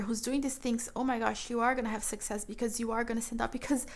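A woman's voice: a little high, fairly even intonation, quick pace, few pauses. A young woman branding coach talking to her listeners, enthusiastic and encouraging, calling them mama. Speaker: branding coach and podcast host. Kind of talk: upbeat solo talk to listeners.

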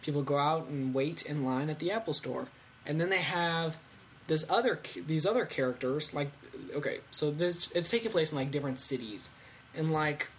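A fifteen-year-old boy hosting a casual tech podcast from home, rambling and excitable with lots of fillers. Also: fairly high pitch, moderate pace, a little hiss or hum. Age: teens. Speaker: podcast host.

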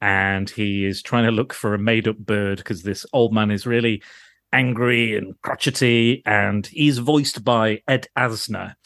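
A man with a lowish, slightly bright voice speaks in a steady tone at a measured pace while co-hosting a podcast. An adult who grew up in the nineties, he rambles in casual chat, is self-deprecating, and swears and laughs often. The sound is clean studio audio with no room sound.

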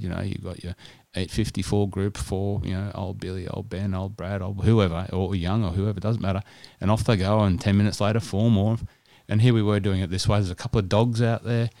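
A man's voice: lowish voice, vocal fry, warm tone, no room sound. An Australian man co-hosting a podcast, telling stories in casual chat with frequent restarts. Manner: chatty storytelling with restarts. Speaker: podcast co-host.

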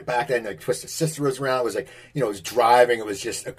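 A man's voice: medium pitch, fast, slightly rough. A man from the New York area hosting an interview, asking long chatty questions. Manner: chatty, talks around his questions. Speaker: podcast host, interviewer.

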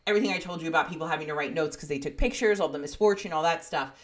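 A woman co-hosting a podcast, casually recounting a story with swearing and quick impressions. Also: sits low. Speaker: podcast co-host.

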